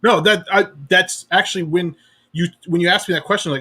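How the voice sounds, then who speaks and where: A man co-hosting a casual chat, upbeat and curious, firing off quick questions. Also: sits high, steady tone, sharp tone, breathy edge.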